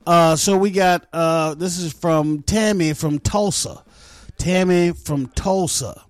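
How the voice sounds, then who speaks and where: A man's voice: fairly high pitch, slow, no room sound. A man hosting a comedy show, chatting casually with lots of laughter and loose, profane banter.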